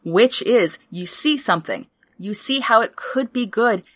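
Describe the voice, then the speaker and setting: A woman co-hosting a podcast in casual chat, excitable, swearing freely and laughing often. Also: fairly high pitch, unhurried, no room sound. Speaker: podcast co-host.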